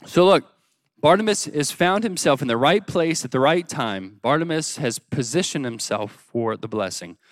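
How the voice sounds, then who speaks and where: A man preaching a sermon, swinging between loud pleading cries and quiet, hushed lines as he acts out the story. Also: mid-range voice, no echo, clean studio sound. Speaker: pastor.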